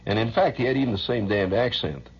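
Man, radio host, rambling, chuckling, very raspy, dull lo-fi sound. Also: medium pitch, quick pace. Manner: rambling, chuckling, hums sing-song nonsense. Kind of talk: rambling on-air monologue.

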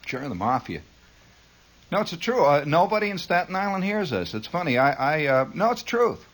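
A man's voice: a little high, sing-song, moderate pace, fairly bright tone. A man hosting a radio show, talking in a wry, sardonic, rambling monologue full of asides. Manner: wry, sardonic, digressive, mock-grandiose asides. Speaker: radio host. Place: radio studio.

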